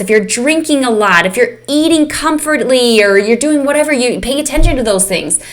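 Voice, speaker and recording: Candid woman coach, slightly high voice. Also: fairly bright tone. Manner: candid, emotional, speaks directly to "you guys". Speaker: fitness and mindset coach. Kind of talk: live online coaching session.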